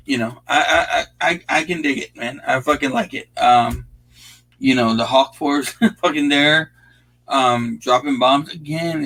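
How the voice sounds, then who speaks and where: Young guy hosting a movie watch-along, mid-pitched, profane, rambling, casual. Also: fairly bright tone, poor audio. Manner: profane, rambling, laid-back with frequent fillers.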